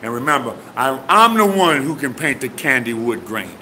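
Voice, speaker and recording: A man's voice: medium pitch, big pitch swings, moderate pace, bright, forceful tone, slight background noise. A man casually demonstrating his buffing pads outdoors, boasting and giving others directions. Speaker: custom airbrush painter showing his products. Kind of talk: casual on-camera demo. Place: outdoors near trees.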